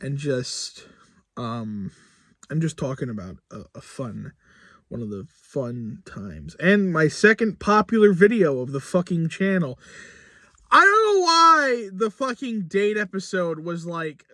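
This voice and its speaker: Slow-talking young man rambling casually. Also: on the high side, lively intonation, pushed and bright, no room sound, clean studio sound. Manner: rambling, swears casually, many fillers and restarts. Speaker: channel creator. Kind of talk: casual vlog talk.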